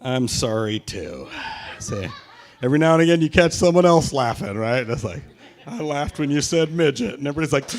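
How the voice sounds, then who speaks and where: Performing at a brewery for a live audience, a male comic from the Pacific Northwest, USA, works the crowd in his stand-up set. He sounds animated and brisk at medium pitch, a little mellow, and his delivery is punchy, crude, brash and profane.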